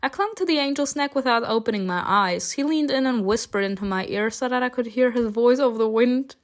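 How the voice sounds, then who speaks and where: A woman reading a story game aloud and reacting, excitable and gushing between lines. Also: a little high, brisk. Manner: excitable, gushing, often laughing.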